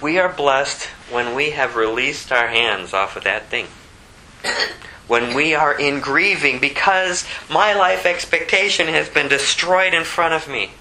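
Male preacher, sermon, passionate, pitch leaping on emphasis, slightly high voice, faint ambient hiss. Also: measured pace, pushed and bright, rough recording. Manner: impassioned, pitch climbing sharply when emphatic.

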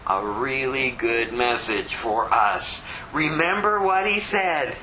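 A man's voice: medium pitch, lively intonation, slow pace, sharp tone, reverberant, a little hiss or hum, rough recording. A man preaching a sermon, emphatic and driving his points home with repeated rhetorical questions.

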